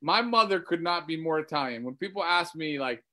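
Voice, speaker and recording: Bright-voiced, teasing man storyteller. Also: a little high, lively intonation, a little fast. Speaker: co-host and former player. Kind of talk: casual video-call chat. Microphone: video call.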